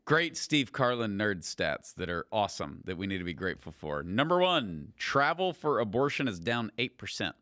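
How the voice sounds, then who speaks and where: A man's voice: fairly low pitch, sing-song, moderate pace, few pauses, bright, forceful tone, dry recording, studio quality. A man co-hosting a podcast, joking in casual chat and reading out statistics. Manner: joking, upbeat, reads out statistics. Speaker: podcast co-host.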